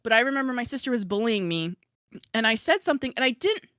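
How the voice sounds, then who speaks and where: A woman's voice: a little high, very animated, quick pace, a bit bright, dry recording. Giggly, chatty woman podcast host. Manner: chatty, giggly, self-deprecating, lots of fillers. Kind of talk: casual chat.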